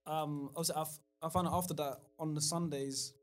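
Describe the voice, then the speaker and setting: A young man chats casually as a podcast guest. His voice sits a little high. He talks in a relaxed, trailing way. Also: a little fast. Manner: laid-back, trailing off, lots of yeahs. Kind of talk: casual chat.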